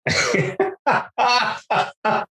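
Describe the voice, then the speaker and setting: A man's voice: very high-pitched, very slow, slightly rough, dry recording, clean studio sound. A man, a guest guitarist, telling stories in a casual interview, laughing often and acting out the voices of others. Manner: animated storyteller, laughs often, acts out quoted voices.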